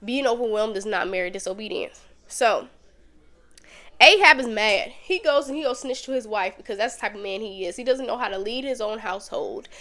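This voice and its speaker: A woman hosting a podcast, teaching a Bible lesson in a casual, conversational way with lively storytelling. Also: medium pitch.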